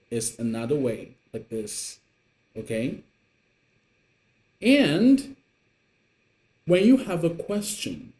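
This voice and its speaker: A man teaching a beginner Mandarin lesson in English, patient and encouraging, showing the tones with his voice. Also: dark tone. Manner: slow, patient, pitch swinging up and down to show tones. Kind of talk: online language lesson. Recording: echoey room.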